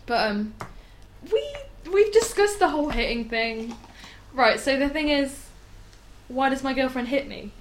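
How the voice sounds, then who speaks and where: A young woman co-hosting a casual comedic chat, giggly and quick to protest, turning earnest when she disagrees. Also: high voice, expressive, slight background noise, low-quality recording. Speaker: co-host.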